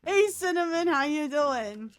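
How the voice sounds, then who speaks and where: A woman's voice: sits high, animated, a little slow. A woman streamer reading a game playthrough aloud and chatting with viewers.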